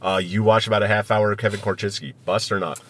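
A man's voice: lowish voice, level tone, quick pace, slightly rough. A man co-hosting a casual sports podcast as a hockey reporter, emphatic and opinionated, talking from a parked vehicle outside an arena.

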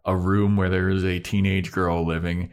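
Deep-voiced man recapping a show. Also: moderate pace, clear, resonant tone. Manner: animated retelling with quoted character voices, swears freely. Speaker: podcast co-host. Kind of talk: casual recap chat.

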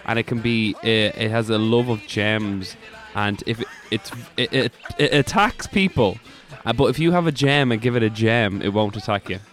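A man's voice: on the low side, normal speed, few pauses, soft background music. A man co-hosting a comedy podcast, telling stories with lots of self-correction in casual chat. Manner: animated storyteller, laughs easily, self-correcting. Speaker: podcast co-host.

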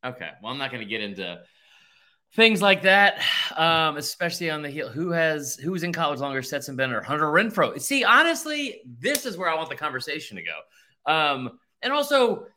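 Bright-voiced man in his thirties, rambling. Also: fairly high pitch, moderate pace. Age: 30s. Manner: rambling, animated, self-interrupting with fillers. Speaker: podcast host. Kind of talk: casual sports podcast chat.

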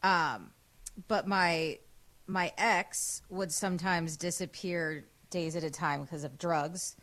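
A woman co-hosting a casual radio show chat, an animated storyteller who swears freely. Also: on the low side, takes it slowly. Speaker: co-host.

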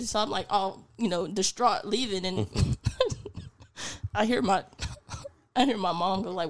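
A young woman in casual podcast chat, telling stories in an animated, giggly way. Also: mid-range voice, moderate pace.

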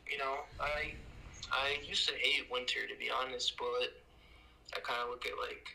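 A man's voice: medium pitch, flat delivery, normal speed, creaky, pushed and bright, poor audio. A man in casual podcast chat, laid-back and swearing casually.

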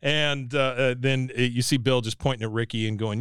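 A man's voice: steady tone, brisk, a bit bright, smooth, no room sound, studio quality. A man co-hosting a podcast, casually recapping a cartoon episode and acting out the characters' lines. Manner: retells scenes, acts out characters' lines in high voices. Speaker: podcast co-host.

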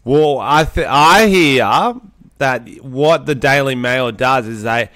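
A man's voice: mid-range voice, slow pace, fairly bright tone, no room sound. Joking, swearing man on a podcast. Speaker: podcast co-host. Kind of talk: casual podcast banter.

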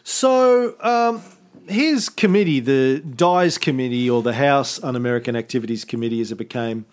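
A man's voice: mid-range voice, moderate pace. A man co-hosting a history podcast, explaining events in a casual, rambling way with many fillers and self-corrections. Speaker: podcast co-host.

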